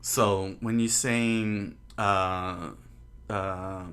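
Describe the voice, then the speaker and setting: A man's voice: on the low side, steady tone, very slow, fairly bright tone, smooth. A man teaching Japanese grammar on a livestream in a casual, rambling way, with many fillers and restarts. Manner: rambling, many fillers and restarts, drawing on a board while talking.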